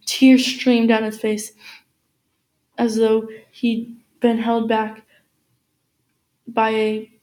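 Mellow woman reading a novel aloud. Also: a little high, extremely slow, long pauses, low-quality recording. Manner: steady storytelling with small slips. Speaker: narrator.

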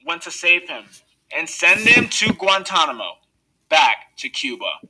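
A man reading a novel aloud chapter by chapter, in an earnest, steady storytelling manner. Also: fairly high pitch, measured pace, background noise. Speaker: reader of a novel for listeners.

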